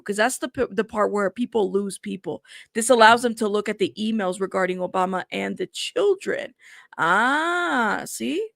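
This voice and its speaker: A woman's voice: mid-range voice, lively intonation, normal speed, gravelly, fairly bright tone, no echo, clean studio sound. A woman hosting a casual news commentary show, reading headlines aloud and reacting to them in a chatty way.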